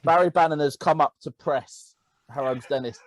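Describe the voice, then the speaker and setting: A man's voice: on the high side, normal speed, no echo, low-quality recording. A man co-hosting a casual football podcast, telling stories animatedly. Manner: animated storytelling, laughing. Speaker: podcast co-host.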